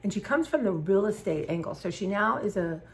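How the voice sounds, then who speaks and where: A woman's voice: mid-range voice, expressive, brisk, slight background noise. A woman from southern Maryland chatting casually to her viewers while she paints, rambling and trailing off mid-sentence. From southern Maryland, USA. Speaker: YouTuber.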